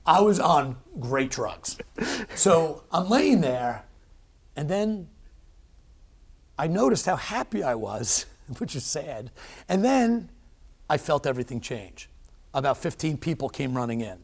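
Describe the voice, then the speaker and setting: A middle-aged man tells his own story as a guest in an interview. His voice sits a little high for a man. He talks with animated emphasis and fills the gaps with ums and restarts. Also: takes it slowly, long pauses. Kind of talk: personal storytelling in a conversation.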